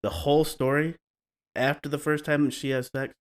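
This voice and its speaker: A man's voice: on the high side, level tone, normal speed, clear, resonant tone. A man hosting a podcast, retelling stories in a casual, wry way and slipping into playful mock voices. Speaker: podcast host.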